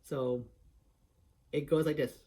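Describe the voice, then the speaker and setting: A man's voice: a little high, steady tone, takes it slowly, mellow, slightly rough. Chatty man explaining voice impressions. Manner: restarts often, chatty, explains step by step. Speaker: impression tutorial presenter. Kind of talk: casual tutorial talk.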